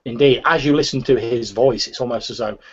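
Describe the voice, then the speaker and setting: A man's voice: mid-range voice, a little fast, husky, lo-fi sound. A man narrating a tabletop role-playing game as game master, with frequent restarts. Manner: hesitant, many restarts.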